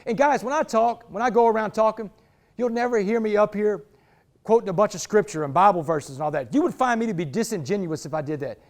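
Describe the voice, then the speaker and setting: Man, high-pitched voice, dramatic storyteller, motivational speaker. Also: lively intonation, fast. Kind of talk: motivational talk to a team.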